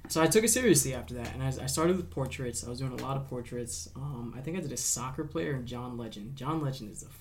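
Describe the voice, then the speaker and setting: Young male guest, mid-pitched, laid-back, swears freely, animated storyteller. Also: quick pace, crowd noise. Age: young adult. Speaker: interview guest, artist. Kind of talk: casual chat over a chess game.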